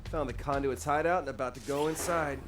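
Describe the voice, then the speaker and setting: A man's voice: a little high, fairly quick, over music, close to an everyday voice. An actor playing a cocky young male hero in a video game, teasing and brash.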